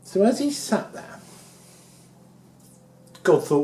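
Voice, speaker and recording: Male storyteller, children's story, animated, lively pitch, roomy echo. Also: slow, faint music behind. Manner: animated, playful. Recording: echoey room.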